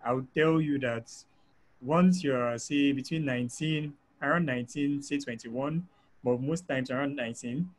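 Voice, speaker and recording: A man's voice: medium pitch, moderate pace, a little hiss or hum. A man hosting a webinar who reads out audience questions with a hesitant manner and many fillers. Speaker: webinar host. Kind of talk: moderating questions. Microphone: video call.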